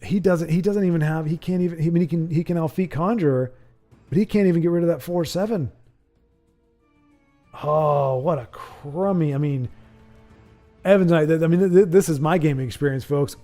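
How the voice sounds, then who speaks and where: A man's voice: a little high, a little fast, long pauses, faint music behind. Chatty man commentating a card game. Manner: chatty, rambling, excitable outbursts. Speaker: livestream host. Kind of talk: casual livestream game commentary.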